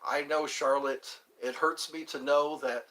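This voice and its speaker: A man's voice: on the high side, steady tone, a little slow, fairly bright tone. A middle-aged man hosting a rambling live chat, joking around and putting on mock voices. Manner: joking, sings lines, mock accents. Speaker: livestream host.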